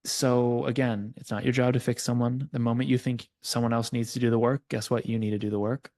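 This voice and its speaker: A man's voice: medium pitch, flat delivery, brisk, darkish tone. A man, a coach as a podcast guest, earnestly explaining his ideas in a conversational teaching style and giving examples.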